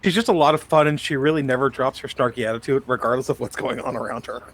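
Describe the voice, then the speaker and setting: A man's voice: medium pitch, fast talker, fairly bright tone. A man co-hosting a podcast, chatting enthusiastically about an anime. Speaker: podcast co-host. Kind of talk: casual podcast chat.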